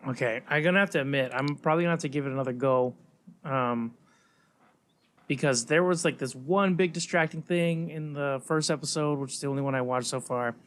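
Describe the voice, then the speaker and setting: A man in his thirties co-hosting a casual podcast chat, animated and acting out quoted lines. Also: mid-range voice, brisk. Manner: animated, acts out quoted voices. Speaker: podcast co-host.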